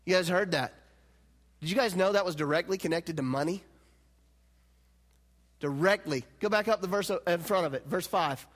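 A man preaching a sermon as pastor, animated and swinging between loud, emphatic lines and hushed, quiet ones. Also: high voice, normal speed, long pauses. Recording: long hall reverb.

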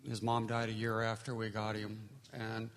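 A man giving a personal testimony, measured and hesitant, with many pauses and fillers. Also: on the low side, completely flat delivery. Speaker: church member sharing a testimony.

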